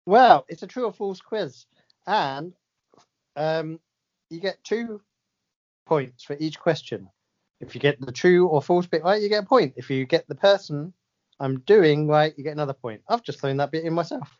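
A woman's voice: sits low, lively intonation, moderate pace, a little mellow, highs cut off. A woman co-hosting a casual comedic chat, giggly, playful and sweary. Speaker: podcast co-host.

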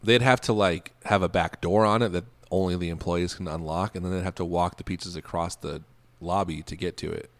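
A man co-hosting a casual chat, laid-back and quick to agree and riff. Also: deep voice, fairly even intonation, no room sound. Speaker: podcast co-host.

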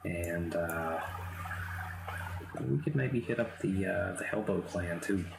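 A man's voice: low voice, slow, gravelly, music in the background. A man running a tabletop role-playing game, easygoing and swearing casually. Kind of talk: tabletop role-play narration. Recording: steady background noise.

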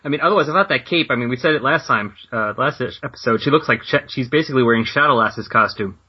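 Male podcast co-host, husky mid-pitched voice, easygoing and joking, muffled lo-fi recording. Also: quick pace. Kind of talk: casual chat.

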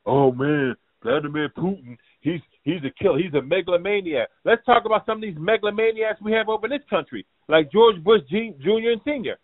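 A man with a fairly high voice rants and curses in a combative, rambling way. The sound is tinny and phone-like, and dry with no room around it. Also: brisk, hardly any pauses, no echo. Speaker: show host. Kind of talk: ranting commentary.

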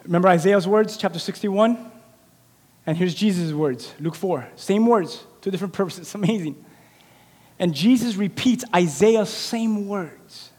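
A man preaching a sermon as pastor, swinging between loud cries and quiet asides, often dropping the word "man" into his talk. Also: high voice, unhurried, husky. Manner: repeats the filler word "man". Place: church sanctuary. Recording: long hall reverb with soft music.

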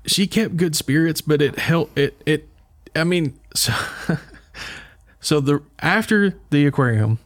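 A man's voice: fairly high pitch, measured pace. A man hosting a podcast, telling a story in casual chat and chuckling as he talks. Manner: animated storyteller, chuckles while talking. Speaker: podcast host.

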